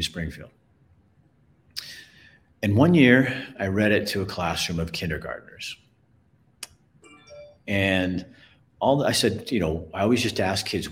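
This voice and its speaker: A middle-aged man hosts his own show and tells a personal story in a slow, unhurried way. His voice is low and deep, earnest and emotional, and he often repeats himself as he goes. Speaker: show host.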